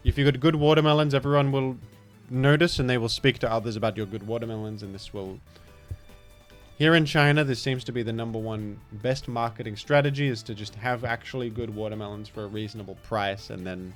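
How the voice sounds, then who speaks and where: A man's voice: mid-range voice, steady tone, a little fast, soft background music. A man with a British accent commenting live on a game he is playing, rambling in a playful, mock-grandiose way. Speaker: streamer.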